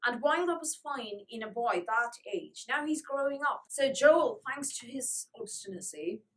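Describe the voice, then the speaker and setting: A woman's voice: on the high side, fairly bright tone, distant mic, poor audio. Wry woman reviewing vintage books. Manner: wry, lightly sarcastic. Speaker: book reviewer. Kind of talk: casual book review, reading passages aloud.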